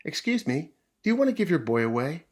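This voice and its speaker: A man's voice: medium pitch, very animated, normal speed, husky, voice pushed up. A man voicing an eager, hopeful little male puppy who talks in a pleading, earnest way. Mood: polite, excited.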